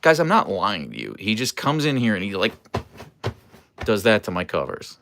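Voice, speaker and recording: A man hosting a casual livestream, playfully talking to his husky and reading chat, his pitch jumping up when he baby-talks the dog. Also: huge pitch swings, moderate pace, a bit bright. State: sleep-deprived. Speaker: livestream host with pet huskies.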